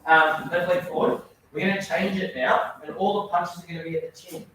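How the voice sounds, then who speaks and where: Male karate coach, upbeat and encouraging with students; higher voice, distant mic in a booming echoey training hall. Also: steady tone, a little fast, fairly bright tone, a little hiss or hum. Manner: encouraging, praising students often. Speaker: karate instructor. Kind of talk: coaching a children's class.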